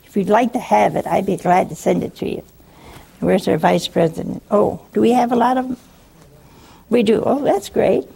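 A woman's voice: medium pitch, normal speed, creaky, warm tone, slightly rough. A woman preaching on scripture in a chatty, teasing way, acting out quotes and chuckling often. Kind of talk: humorous scripture teaching.

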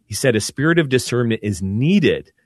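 A man, a Catholic priest, co-hosting a radio talk show and speaking in a calm, reflective way. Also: normal speed, dry recording, clean studio sound. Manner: calm, reflective, lowers his voice to soothe. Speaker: priest co-host.

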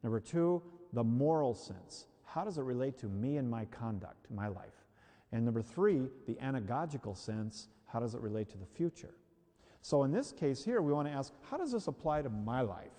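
A man preaching a sermon in an emphatic, animated way, repeating key phrases for the congregation. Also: mid-range voice, normal speed. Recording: long hall reverb.

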